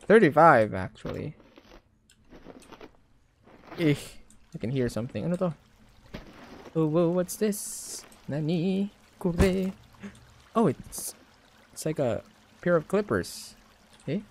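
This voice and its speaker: A woman's voice: deep voice, slight background noise. Filipino woman yelping through horror gameplay. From Philippines. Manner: swears freely, mixes in Tagalog, breaks into loud panicked yelps. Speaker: gaming YouTuber. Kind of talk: horror game commentary.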